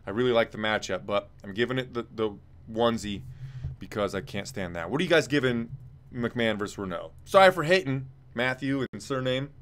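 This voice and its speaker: Guy rambling through fight picks, blunt, swears a lot, mid-pitched voice. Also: animated, a little fast, fairly bright tone. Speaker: co-host rating fights. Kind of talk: casual chat.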